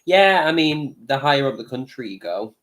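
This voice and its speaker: A man co-hosting a live stream in casual chat, playful and quick with comedy quotes and one-liners. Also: medium pitch, sing-song, fairly bright tone, low-quality recording.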